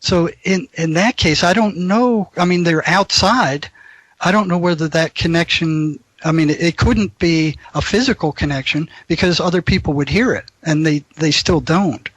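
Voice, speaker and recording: A man's voice: on the high side, moderate pace, fairly bright tone, no echo. Earnest male guest, dry sound. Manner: earnest explaining, repeats words as he goes. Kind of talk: casual conversation.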